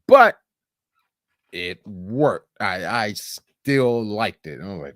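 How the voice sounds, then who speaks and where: Animated laughing man reviewing movies. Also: medium pitch, slow pace, creaky, long pauses, no echo, clean studio sound. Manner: animated, laughing, profane, with lots of quoted voices. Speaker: podcast host. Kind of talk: casual movie review chat.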